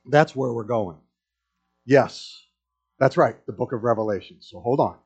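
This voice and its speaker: A man's voice: medium pitch, unhurried, breathy edge, faint music behind. A middle-aged man preaching a sermon to a congregation, telling stories with humor. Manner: storytelling with humor, animated. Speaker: pastor. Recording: dull lo-fi sound.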